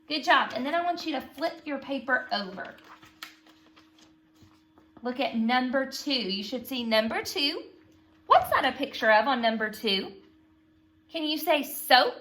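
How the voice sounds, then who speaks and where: Woman, teacher, kids' phonics lesson, unhurried, patient prompting, bright tone. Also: sits high, lively intonation, a little hiss or hum. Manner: slow, patient, prompting call-and-response. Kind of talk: phonics lesson for young children.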